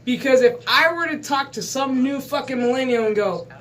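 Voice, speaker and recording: A man's voice: extremely high pitch, moderate pace, fairly bright tone. A man in his thirties, hosting his gaming channel, rants in a casual, profane monologue and talks with exasperated emphasis. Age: 30s.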